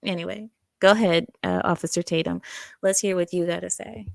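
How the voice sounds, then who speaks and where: A woman's voice: fairly low pitch, fairly even intonation, fairly quick, vocal fry, no room sound. Sassy woman reacting, dry close mic. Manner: sassy, blunt, scolding asides. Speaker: reaction commentator. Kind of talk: casual reaction commentary.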